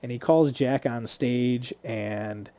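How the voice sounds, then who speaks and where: Man, podcast co-host, casual movie recap, warm mellow tone, dry close sound, swears freely. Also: medium pitch, takes it slowly, dry recording. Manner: loose, profane storytelling.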